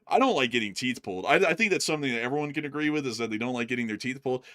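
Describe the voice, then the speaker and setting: A man with a bright, forceful voice, chatting casually as co-host of a livestream. He tells stories with animated energy and laughs often. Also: medium pitch, rapid-fire. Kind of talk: casual chat.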